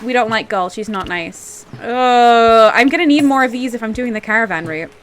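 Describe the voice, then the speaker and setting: A woman's voice: on the high side, moderate pace, slight background noise. A woman streaming a narrative game, reading it aloud and reacting with frequent laughs and exclamations. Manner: animated, laughs a lot, reacts loudly.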